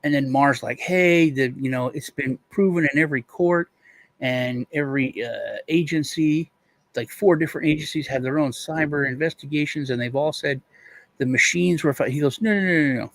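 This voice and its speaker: A man's voice: fairly high pitch, moderate pace, fairly bright tone, dry recording. Man rambling in casual chat, dry sound. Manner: rambling retelling with restarts and quoted voices. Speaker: co-host.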